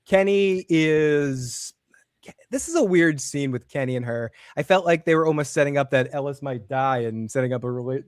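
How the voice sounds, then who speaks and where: A man co-hosting a casual TV recap, excitable, laughing often and acting out characters' lines. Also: mid-range voice, no room sound, studio quality. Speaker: podcast co-host.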